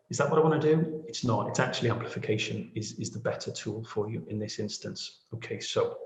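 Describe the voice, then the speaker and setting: Man, podcast tutor, self-deprecating, keeps asking "okay?"; roomy echo. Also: mid-range voice. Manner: chatty and self-deprecating, checks in with "okay?" and "yeah?". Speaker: podcast lead teaching audio editing. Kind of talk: screen-share editing tutorial. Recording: echoey room.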